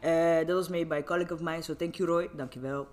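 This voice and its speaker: A man's voice: on the high side, steady tone, fast talker, darkish tone. A young man hosting a casual podcast, rambling and giggly, often cutting himself off mid-sentence. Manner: rambling, giggly, self-interrupting. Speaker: podcast host.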